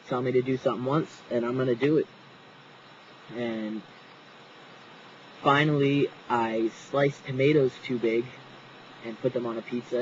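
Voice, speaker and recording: A man's voice: medium pitch, a little mellow, muffled recording, slight background noise. A young man telling a story outdoors in a casual, profane vlog, laughing often. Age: young adult. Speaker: vlogger.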